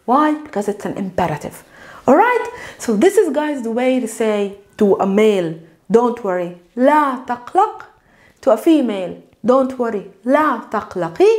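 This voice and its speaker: A woman with a Palestinian Arabic accent leads an online language lesson, her voice sitting a little high. She is animated and patient, slowing down to repeat words for learners. Arabic is her native tongue. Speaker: Arabic teacher.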